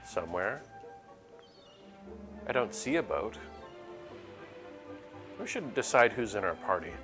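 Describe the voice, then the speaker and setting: A man's voice: on the low side, sing-song, slow. A man live-streaming a game, chatting casually and playing a mock-exasperated father scolding his chat. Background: faint game music.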